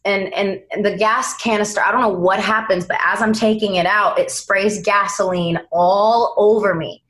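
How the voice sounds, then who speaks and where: Young actress telling lively anecdotes. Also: female voice, medium pitch, normal speed. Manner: lively, dramatic anecdotes with voiced quotes. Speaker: actress guest. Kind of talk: animated storytelling in interview.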